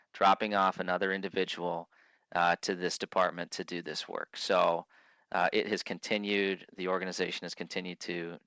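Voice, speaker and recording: A man with a low, pushed, bright voice delivers a conference keynote, telling stories earnestly and frequently restarting his sentences. The recording is dry and lo-fi.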